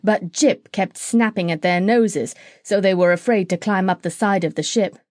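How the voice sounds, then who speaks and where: A woman narrating a children's classic audiobook in a clear, steady reading voice. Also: medium pitch, normal speed, dry recording, clean studio sound. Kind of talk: storybook narration.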